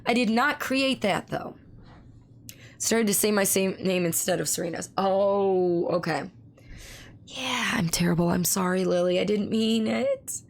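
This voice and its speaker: A woman streamer in casual live-stream chat, with a hoarse, strained voice, who swears freely and talks back to her chat. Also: medium pitch, measured pace. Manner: chatty, swears freely, reads chat aloud.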